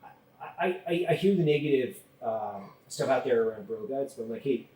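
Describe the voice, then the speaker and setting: A man chats as a podcast host, emphatic and loose with his swearing. His voice sits at an ordinary pitch and sounds a little distant from the mic. The room adds a noticeable echo. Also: lively intonation, brisk, darkish tone. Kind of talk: casual conversation.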